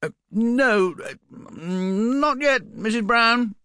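Polite, earnest young bear, put on by a male narrator, raised pitch, dry close sound. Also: animated, unhurried, sharp tone, dry recording, exaggerated voice. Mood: flustered. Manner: muffled, stammering.

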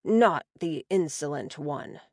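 A woman's voice: deep voice, lively intonation, darkish tone, husky, no room sound, studio quality, exaggerated voice. A woman playing a stern orc warden. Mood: curt. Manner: direct, mild, measured.

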